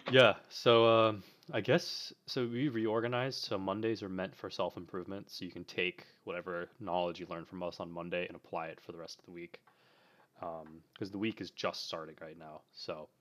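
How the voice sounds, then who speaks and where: A man's voice: sits low, steady tone, brisk. A young man co-hosting a casual live podcast, talking loosely with lots of fillers. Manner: loose, rambling with fillers and laughs. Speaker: podcast co-host.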